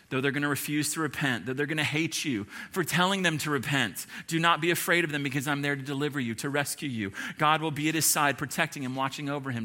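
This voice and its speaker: A pastor delivering a sermon, preaching emphatically with repeated lists and rhetorical questions. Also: male voice, fairly high pitch, pushed and bright.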